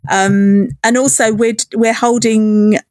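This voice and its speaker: A woman's voice: a little high, level tone, slow, darkish tone, dry recording, clean studio sound. A woman talking in a casual interview, bubbly and enthusiastic, often breaking into giggles. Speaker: podcast guest, festival organizer.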